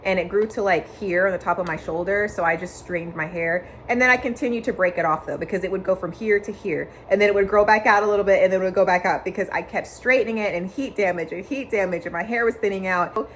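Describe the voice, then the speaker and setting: A woman's voice: mid-range voice, fast, hardly any pauses, fairly bright tone, slight background noise. A young woman vlogger telling a personal story, candid and emotional, with many "like" fillers.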